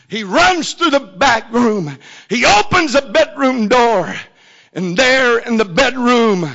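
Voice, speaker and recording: A man preaching a sermon, telling a story slowly and building to shouted climaxes. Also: very high-pitched, creaky. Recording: dull lo-fi recording.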